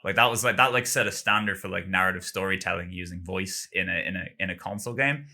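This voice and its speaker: Bright-voiced rambling man. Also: low voice, quick pace, vocal fry. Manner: rambling, heavy use of "like". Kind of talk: casual chat.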